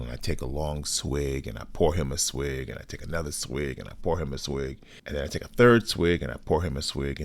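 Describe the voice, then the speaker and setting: A man with an extremely deep, low voice tells a story from his own life. He speaks in a measured, deliberate way and curses bluntly now and then. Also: a little mellow. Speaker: podcast host. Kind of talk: personal storytelling.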